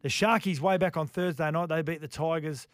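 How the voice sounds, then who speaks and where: A man's voice: on the high side, steady tone, fairly quick, dry recording. A man hosting a sports radio show in a studio, upbeat and chatty as he takes calls. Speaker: radio host. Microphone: studio mic.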